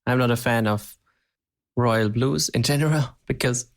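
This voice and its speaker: This European podcast co-host keeps the conversation casual, often laughing and sounding a bit unsure of himself. He has a mid-range voice and speaks a little slowly.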